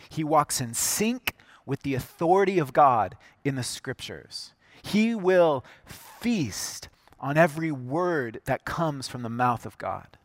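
A man's voice: medium pitch, a bit bright, no echo. A man preaching a sermon, earnest and emphatic, repeating key phrases for weight. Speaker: pastor.

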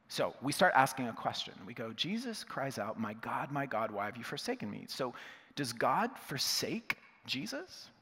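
A man preaching a sermon, teaching with lively, conversational rhetorical questions. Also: medium pitch, slightly rough, big-room sound. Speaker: pastor.

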